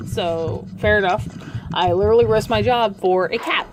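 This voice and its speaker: Hoarse woman rambling through a story. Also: mid-range voice, fairly even intonation, normal speed, noisy background. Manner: rambling, swears casually. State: hoarse, voice worn out. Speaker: video creator telling a pet story. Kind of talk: casual storytelling.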